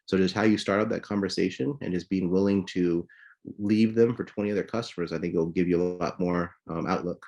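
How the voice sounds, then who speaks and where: Guy coaching sales calls on a video call, talks fast, kinda low voice, acts out the phone lines. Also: fairly even intonation, a little mellow. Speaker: guest sales trainer. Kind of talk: casual coaching talk.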